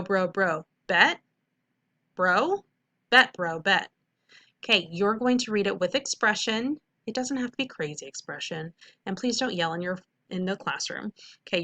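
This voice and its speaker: Going through a recorded phonics lesson step by step, a woman speaks clearly and checks in with "okay?" after each point. She has a mid-range voice that sounds pushed and bright.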